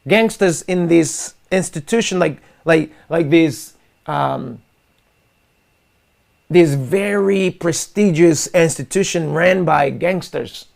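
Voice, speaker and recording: Gravelly, high-pitched impassioned male host. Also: slow. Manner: forceful, repetitive, addresses listeners as guys. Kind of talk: impassioned monologue to an online audience.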